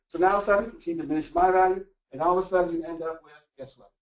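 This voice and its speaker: Guy giving a stress talk, voice sits a bit high, mic kinda far off, dull lo-fi sound. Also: very fast, few pauses. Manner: animated, acts out quoted voices and asks rhetorical questions. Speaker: workshop presenter. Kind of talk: motivational workplace talk. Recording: echoey room, distant mic, dull lo-fi sound.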